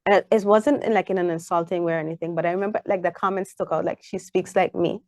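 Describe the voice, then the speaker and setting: A young woman with a Caribbean English accent, chatting as an interview guest and acting out lively stories about her daughter. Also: fairly low pitch, quick pace, no echo, studio quality. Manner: animated storyteller, acts out her child's voice. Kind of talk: casual interview chat.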